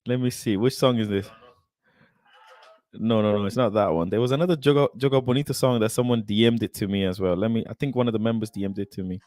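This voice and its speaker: A man hosting a football fan livestream, excitedly chatting, at times shouting and singing along. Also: lowish voice, fast talker, no echo. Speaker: football channel host. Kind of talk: livestream chat. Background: music playing.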